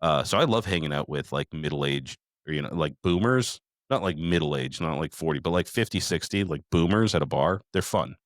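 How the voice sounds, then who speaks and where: Man, very low voice, dry close sound, middle-aged, swearing, rambling casual chat. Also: expressive, brisk, few pauses, no echo. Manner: profane, rambling storytelling. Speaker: podcast host.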